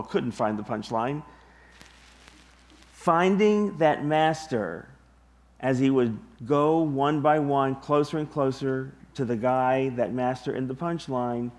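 A man preaching a sermon to his congregation, deliberate and emphatic, with long pauses. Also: mid-range voice, darkish tone. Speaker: pastor.

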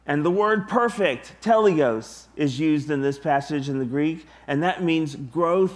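A man preaching a sermon to his congregation, deliberate and emphatic, with long pauses. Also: fairly high pitch, expressive. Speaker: pastor.

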